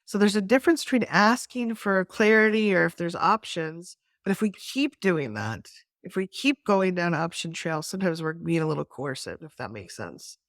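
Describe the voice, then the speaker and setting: A woman's voice: lowish voice, lively intonation, normal speed, no echo, studio quality. A middle-aged woman co-hosting a skills workshop, explaining ideas in casual talk and acting out quoted voices with many restarts. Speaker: workshop co-host.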